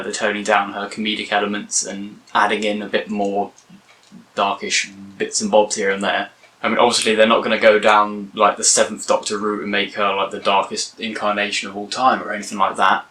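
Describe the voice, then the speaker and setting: Rambling man, bright tone. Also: fairly low pitch, distant mic, low-quality recording. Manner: rambling, self-correcting, chatty. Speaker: video reviewer. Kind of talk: casual spoken review.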